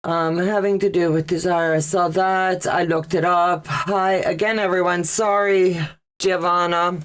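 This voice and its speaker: Lady hosting a sewing livestream, low voice, talks real slow, reads out viewer comments. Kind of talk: casual livestream chat.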